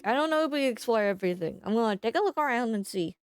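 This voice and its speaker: Southern gal streaming a game, lively up and down voice, swears a bunch, clean dry sound. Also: female voice, on the high side, fast talker, smooth, no echo. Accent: Southern American. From Texas. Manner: chatty, swears, voices characters on the fly. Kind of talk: casual game commentary.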